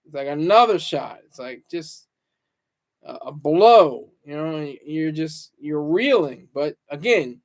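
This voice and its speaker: A man with a notably high voice for his sex holds a solo talk-show monologue. He talks in a halting, wandering way, often restarting words and leaning on fillers, with an earnest, reflective tone. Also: expressive. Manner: halting and rambling, repeats words, many fillers. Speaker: show host.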